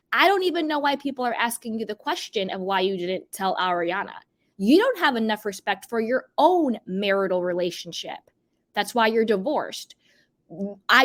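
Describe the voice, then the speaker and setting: A woman runs her own reality TV commentary vlog. Her voice sits somewhat high. She is blunt and scolding, and she hammers her points home by repeating them. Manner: blunt, emphatic, scolding, speaks straight to the people she critiques. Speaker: commentary channel host.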